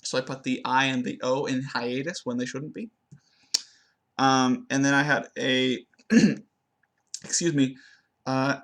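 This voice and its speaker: Slow, hesitant young man. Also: mid-range voice. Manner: hesitant, many fillers and restarts, slows down to demonstrate words. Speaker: language student. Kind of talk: spoken self-assessment of pronunciation.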